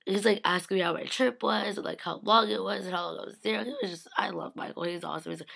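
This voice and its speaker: A woman's voice: mid-range voice, steady tone, fast talker, vocal fry, few pauses, a bit bright. A young woman gushing and rambling about meeting celebrities, filling her talk with "like" and acting out what people said. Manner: acts out quotes in shifting voices. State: slightly sick. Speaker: vlogger. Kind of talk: casual recap of a fan convention.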